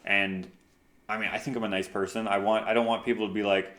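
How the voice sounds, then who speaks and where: A man with a fairly low voice co-hosts a podcast, talking through his thoughts in long, easygoing run-on sentences. The recording carries a roomy echo. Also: little pitch movement, quick pace, fairly bright tone. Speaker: co-host. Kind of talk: casual chat.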